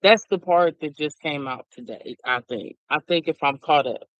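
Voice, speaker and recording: A middle-aged man rambles through a loose, casual monologue and breaks into laughter often. His voice sits fairly high and sounds smooth, recorded dry and close. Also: normal speed, a bit bright, no echo, dull audio. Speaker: vlogger.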